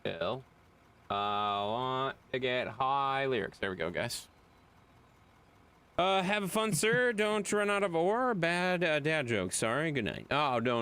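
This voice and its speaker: Excitable swearing man streaming a game. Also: medium pitch, takes it slowly, clean tone. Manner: excitable, profane, joking. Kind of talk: live gaming stream banter.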